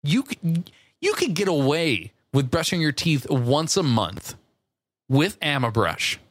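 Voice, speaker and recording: Animated man riffing on silly ideas. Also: slow, a little hiss or hum. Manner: playful, enthusiastic pitching of silly ideas. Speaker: podcast co-host. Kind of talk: casual banter.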